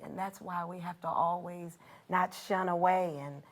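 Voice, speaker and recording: A woman's voice: lowish voice, fairly even intonation, normal speed. Earnest preacherly gospel woman. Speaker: gospel singer and pastor. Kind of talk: casual chat.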